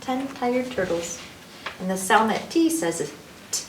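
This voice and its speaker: Woman reading aloud slowly, echoey room. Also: medium pitch, slight background noise. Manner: playful, sing-song phonics teaching with sound effects. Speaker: library storytime host. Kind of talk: children's read-aloud lesson. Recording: echoey room, distant mic.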